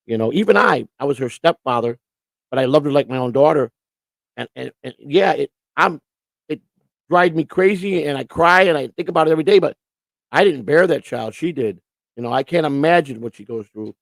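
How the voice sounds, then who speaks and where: A man's voice: a little high, creaky, no echo. A man hosting a casual live-stream chat show, rambling and stammering through repeated restarts. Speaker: host. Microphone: computer setup with earphones.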